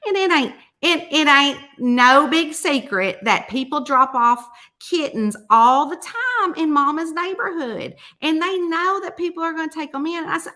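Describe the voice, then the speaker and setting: A woman's voice: high-pitched, sing-song, normal speed, sharp tone. A middle-aged woman, chatting casually and telling a folksy story, acting out the quotes. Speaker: mystery author hosting a weekly chat.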